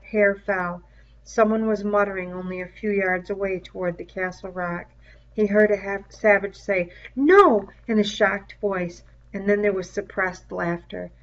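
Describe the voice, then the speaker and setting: A woman reading a novel aloud in a measured storytelling manner, with the cries in the story voiced aloud. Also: medium pitch. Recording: dull lo-fi recording.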